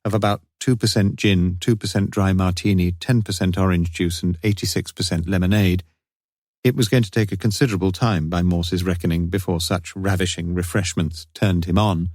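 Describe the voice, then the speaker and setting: A man reading a mystery audiobook in measured, wry narration. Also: deep voice, steady tone, darkish tone, no echo, studio quality.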